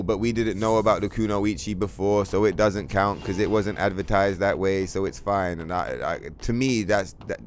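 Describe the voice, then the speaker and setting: Blunt London man streaming a game. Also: on the low side. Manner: blunt, profane, trollish banter. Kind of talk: casual livestream chat.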